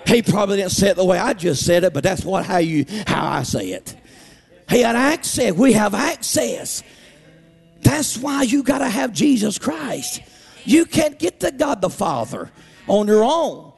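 A man preaches with fervor, his phrases rising into half-sung cries and shouts. His voice sits very high and carries a gravelly edge. The sound rings through a large hall with faint music underneath. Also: lively intonation, moderate pace. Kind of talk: sermon. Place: church.

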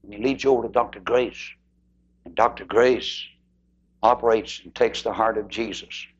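A man preaching an impassioned sermon, swinging his voice high and low and acting out the people in his stories. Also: steady tone, moderate pace, slightly rough, muffled recording.

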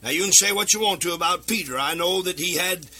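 A man preaching a radio sermon into a microphone, fervent and swinging into sing-song emphasis and sudden shouts. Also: high voice, quick pace, husky. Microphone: speaking into a microphone.

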